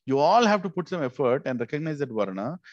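A man with an Indian English accent teaches a devotional scripture class, talking to the group in a loose, chatty way and leading them in line-by-line recitation. His voice sits a little high. The recording is dry and slightly muffled. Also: sing-song, quick pace, dry recording. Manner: conversational, leads call-and-response recitation.

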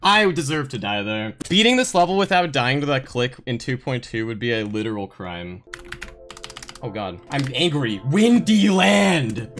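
A young woman streaming a game, talking to her chat, scolding herself and yelling when she fails, with faint game music behind her. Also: extremely low pitch, expressive, moderate pace. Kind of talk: live-stream gameplay commentary.

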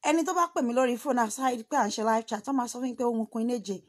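Animated woman hosting a livestream. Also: fairly high pitch, rapid-fire. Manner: animated, dramatic storytelling with sudden exclamations; switches between Yoruba and English mid-sentence. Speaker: livestream host. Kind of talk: casual livestream chat.

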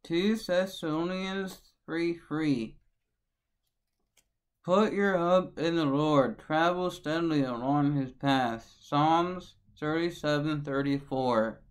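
A man's voice: a little high, slow pace, rough recording. A man hosting a devotional video who chants his catchphrase over and over, then reads scripture and gives blessings in an earnest, preacherly way. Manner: sing-song, repeats phrases over and over. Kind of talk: repetitive catchphrase intro, then scripture reading.

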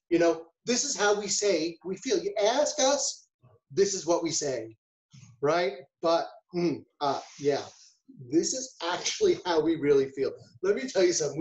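A man's voice: high voice, animated, a little slow, reverberant, dull audio. A man, a food safety chef, giving a casual webinar talk, chatty and full of rhetorical questions and storytelling asides.

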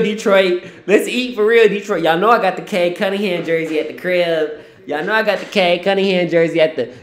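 A man's voice: on the high side, reverberant. A man giving casual, slangy live reaction commentary on a basketball game, talking to the players on screen and laughing often. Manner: slangy, says "bro" a lot.

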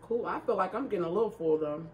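A woman's voice: lowish voice, lively intonation, quick pace, muffled recording. A woman in her thirties chatting casually at a food video, laughing often and talking loose and salty. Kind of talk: casual mukbang chat. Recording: far from the mic with faint noise.

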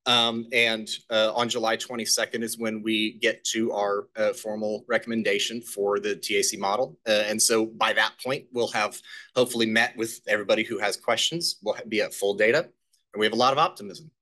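Guy presenting at a committee meeting, bright voice, lots of uhs and restarts. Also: on the low side, steady tone. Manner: halting, many fillers and restarts. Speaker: staff presenter.

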